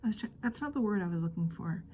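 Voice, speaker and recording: A woman's voice: medium pitch, animated, fast, mellow, slight background noise. A woman whispering in a friendly role-play, giggling and rambling through casual chat as a friend hosting a visit.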